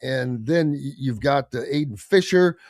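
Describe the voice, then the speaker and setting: A man's voice: medium pitch, measured pace, no room sound, studio quality. A man hosting a sports radio show, chatting casually and animatedly and slipping into voices and impressions. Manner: animated, does voices and impressions while talking.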